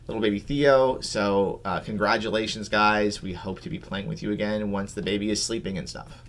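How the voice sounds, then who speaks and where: A man's voice: fairly low pitch, fairly even intonation, moderate pace. A man co-hosting a tabletop gaming chat show, talking casually and rambling with repeated words.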